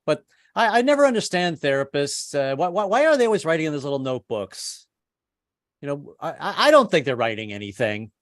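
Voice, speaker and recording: A man of seventy performing a stand-up comedy set over a video call, self-deprecating and halting, with many restarts. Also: fairly high pitch, very animated, dry recording, studio quality. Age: 70s. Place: home setup on a video call. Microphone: computer mic on a video call.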